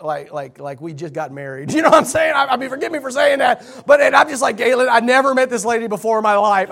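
Male pastor, high gravelly voice, animated storyteller, rambling with restarts. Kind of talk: sermon storytelling.

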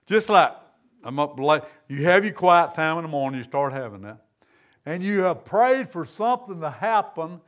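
A man's voice: high voice, fairly bright tone. A man preaching a sermon in a church, in a folksy, conversational way. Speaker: pastor.

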